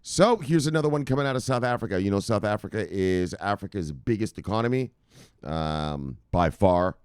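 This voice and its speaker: A deep-voiced man hosts an informal crypto news show from his computer. His voice rises and falls a lot as he riffs and swears. The recording is dry and close, with no room sound. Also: animated, moderate pace, a little mellow, clear, resonant tone, no echo. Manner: loose, profane and chatty, laughs often. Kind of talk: casual news commentary.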